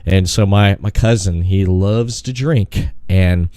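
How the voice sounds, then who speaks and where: Low-voiced rambling male podcast host. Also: slow, mellow, dry recording. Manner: rambling storyteller, laughs often. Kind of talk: casual phone interview.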